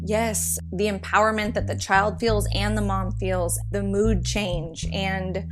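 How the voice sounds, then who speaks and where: A woman in her thirties, a podcast guest, telling animated, rambling stories with quick restarts. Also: medium pitch, over music. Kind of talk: casual interview storytelling.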